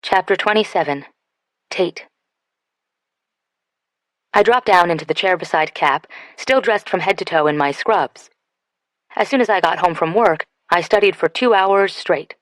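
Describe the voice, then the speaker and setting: A woman's voice: fairly low pitch, measured pace, pauses often, dry recording. A woman narrating an audiobook in the first person, in a casual, conversational way.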